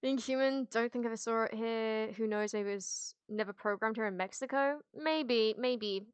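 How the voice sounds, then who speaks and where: A woman's voice: on the high side, moderate pace, clean tone, dry recording. Chatty woman streamer on a headset. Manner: rambling and candid, with frequent restarts and casual swearing. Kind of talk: casual livestream chat, answering chat.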